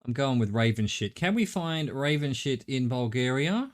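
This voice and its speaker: A man's voice: medium pitch, expressive, normal speed. A middle-aged Australian man streaming a game, thinking aloud in a rambling way and swearing casually. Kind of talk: live gameplay commentary.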